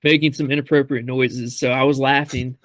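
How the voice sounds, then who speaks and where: An easygoing man co-hosting a podcast, chuckling as he tells a short story. His voice is medium in pitch, dry and close to the mic. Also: little pitch movement, brisk, a bit bright, dry recording. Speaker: podcast co-host. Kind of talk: casual chat.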